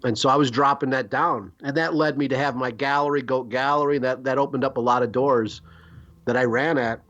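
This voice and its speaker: A man's voice: medium pitch, fairly quick, muffled recording. Rambling, profane man. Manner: rambling, profane, animated storyteller. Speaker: podcast host. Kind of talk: storytelling chat.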